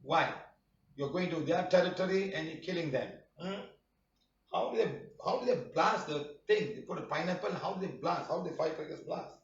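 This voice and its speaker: A man with a fairly high voice lectures his students, scolding them and firing rhetorical question after question. He sounds set back from a dull-sounding mic. The room around him is echoey and hollow. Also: a little fast, recorded from a distance. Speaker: healing workshop teacher. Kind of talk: live online workshop talk.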